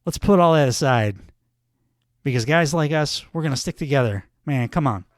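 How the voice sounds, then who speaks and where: Man doing a cocky young wrestler, cool swagger, mid pitch, dry sound. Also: expressive, normal speed, dry recording, close to an everyday voice. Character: swaggering young male wrestler, self-proclaimed star.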